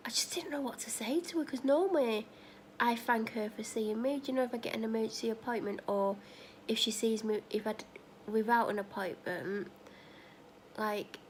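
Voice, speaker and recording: A woman's voice: on the high side, moderate pace, a little hiss or hum. A woman chatting casually in a vlog, rambling through run-on asides and retelling conversations. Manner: retells conversations, acting out both sides. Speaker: vlogger.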